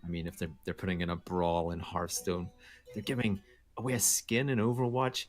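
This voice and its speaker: Playful low-voiced male podcast host. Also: little pitch movement, normal speed. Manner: playful, teasing, mock-dramatic build-ups. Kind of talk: casual gaming chat. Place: home studio, streaming live.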